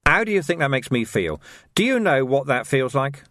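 A man voicing a gruff, weary male watch commander who speaks in irritable, forceful outbursts. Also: medium pitch, big pitch swings, moderate pace, no room sound, studio quality.

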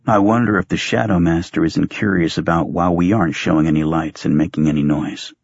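A man narrating a story in the first person, in a measured, matter-of-fact way. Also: deep voice, fairly even intonation, gravelly, dry recording, muffled recording.

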